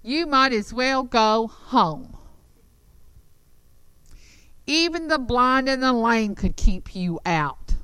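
A woman's voice: fairly high pitch, animated, takes it slowly, bright, forceful tone, smooth, no echo, heavily acted. A woman voicing smug city defenders who jeer at an approaching army in a dismissive, mocking tone. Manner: jeering, dismissive.

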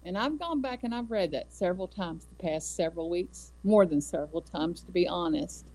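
A woman giving an earnest devotional talk on scripture, with measured delivery and emphatic repetition. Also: lowish voice, dark tone, rough recording. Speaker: Bible study speaker. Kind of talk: devotional teaching.

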